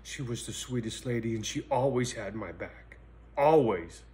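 A middle-aged man vlogging in a blunt, profane personal monologue that swings between angry ranting and quiet reflection. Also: mid-range voice, moderate pace.

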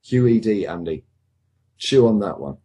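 A male host of a panel show who asks questions in a measured, inquisitive way, stammering a little as he starts. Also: on the low side, expressive, dark tone, slightly rough. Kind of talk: casual panel chat.

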